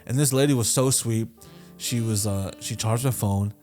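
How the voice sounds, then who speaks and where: A man's voice: lowish voice, moderate pace, a little mellow, faint music behind. A man in his twenties, co-hosting a podcast, tells stories in a loose, casual way that is full of swearing, fillers and restarts, and he briefly acts out the other people in them. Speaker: podcast co-host answering listener questions. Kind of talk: casual storytelling.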